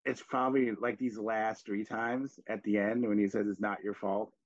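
A man hosting a casual podcast chat, telling reflective stories in an animated way. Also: fairly low pitch, normal speed, no room sound. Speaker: podcast host. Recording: dry, dull lo-fi sound.

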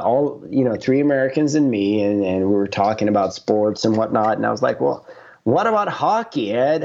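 Relaxed Swedish man, slightly dull sound. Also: medium pitch. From Stockholm, Sweden. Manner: relaxed, many restarts, calls people "man" and "dude". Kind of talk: casual chat.

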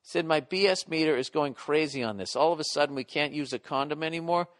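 A man's voice: fairly high pitch, quick pace, fairly bright tone. A middle-aged man hosting a podcast, reading listener letters aloud and answering them in a blunt, profane, rambling way. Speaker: podcast host.

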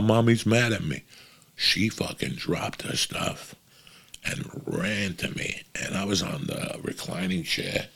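Comedian type, man: deep husky voice, casual and profane, rambles through a story. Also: pushed and bright.

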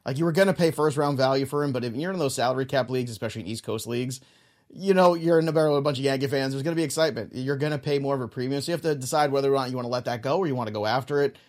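A man's voice: medium pitch, rapid-fire, a little mellow. A man co-hosting a podcast, chatting casually and emphatically, leaning on filler phrases as he makes his points. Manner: emphatic, leans on "look" and "you know". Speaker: podcast co-host. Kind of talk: casual sports chat.

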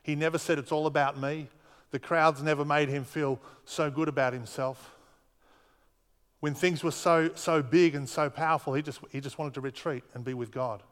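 A man's voice: fairly high pitch, steady tone, moderate pace, a bit bright. A man preaching a sermon as pastor, earnest, driving home points with repetition. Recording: long reverb of a hall.

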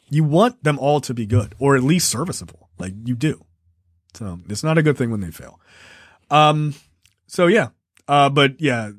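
A man's voice: a little high, a bit bright, no room sound, clean studio sound. A man co-hosting a podcast in casual chat, rambling and emphatic, often laughing. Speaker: podcast co-host.

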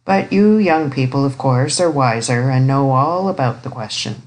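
A woman's voice: very deep voice, animated, normal speed, darkish tone, rough recording. Woman reading as a dry, grave old uncle. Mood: stern. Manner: grave, precise, ironic. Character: stern, dry, elderly bachelor uncle. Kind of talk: audiobook character reading.

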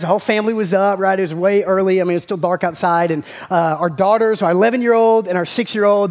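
A man, preaching a sermon and telling a family story in a folksy, animated way. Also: sits high. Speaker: pastor.

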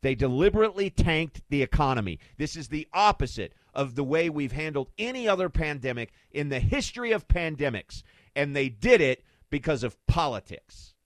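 A man's voice: fairly high pitch, very animated, moderate pace, no echo. Impassioned man hosting talk radio. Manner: impassioned, rhetorical, repeats questions for emphasis. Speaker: radio talk show host. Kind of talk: opinionated talk radio monologue. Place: radio studio. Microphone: studio microphone.

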